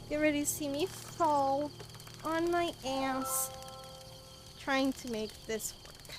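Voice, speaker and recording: A woman's voice: sits high, takes it slowly, music in the background. A woman streaming a video game, chatting casually, narrating her moves and laughing often. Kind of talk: casual live gameplay commentary. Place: at home in a chair. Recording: game sounds with horse hooves behind. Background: video game audio.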